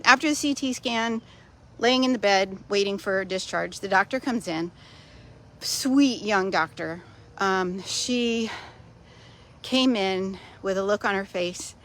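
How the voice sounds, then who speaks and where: A woman talks straight to her audience in a casual personal video update. Her pitch sits in a middle range, and she tells the story plainly with a dry, wry humor. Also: fairly bright tone. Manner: chatty storytelling, matter-of-fact with wry humor. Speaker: vlogger sharing personal news.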